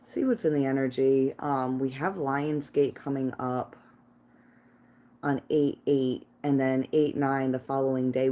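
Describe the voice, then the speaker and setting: A woman's voice: extremely low pitch, mellow. A woman doing a casual tarot reading live from her living room, chatty and laughing, talking to her cat and viewers through a phone. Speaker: tarot reader livestreaming. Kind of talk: casual livestream chat.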